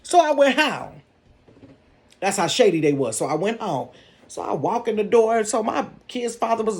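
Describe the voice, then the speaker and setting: A woman telling a story from her bedroom in a sassy, animated way, calling her viewers "baby" and "honey". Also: fairly high pitch, normal speed, breathy edge. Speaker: storytelling vlogger. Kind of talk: casual storytime.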